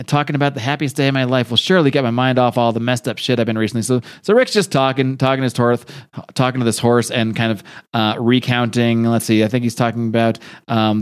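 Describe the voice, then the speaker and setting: Podcast co-host, male, casual and animated, jumps into character voices. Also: mid-range voice, clean tone. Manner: animated retelling, acting out character lines. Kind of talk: casual comic book recap.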